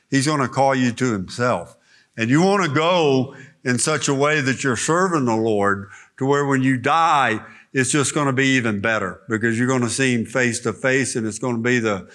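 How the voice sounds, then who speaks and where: Bright-voiced man teaching scripture. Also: medium pitch. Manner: earnest, emphatic teaching with spoken prayer. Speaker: pastor teaching a Bible study. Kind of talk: expository Bible teaching.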